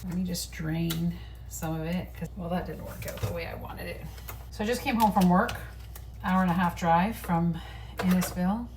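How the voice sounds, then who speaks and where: A woman's voice: fairly low pitch, steady tone, normal speed, darkish tone, recorded from a distance. A middle-aged woman chatting casually and swearing freely to a phone camera while she cooks in her home kitchen. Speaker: home cooking vlogger. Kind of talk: casual kitchen vlog chat. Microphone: phone on a tripod. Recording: phone mic from across the kitchen with background noise.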